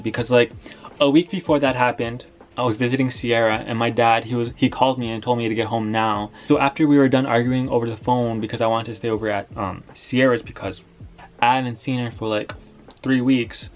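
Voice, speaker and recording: A man's voice: mid-range voice, dull audio. A young man telling a story time in a casual, slangy, rambling way, filling his talk with "like".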